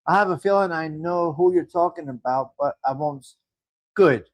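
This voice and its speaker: Middle-aged man, livestream host, high voice, rambling chatter with laughs. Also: normal speed. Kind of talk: casual live chat reading viewer comments.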